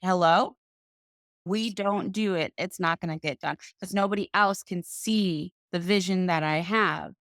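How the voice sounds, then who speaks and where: A woman guest on a podcast, telling her own story in an animated conversational way. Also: lowish voice, unhurried, no echo, clean studio sound. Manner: animated, acts out other people's voices in quotes.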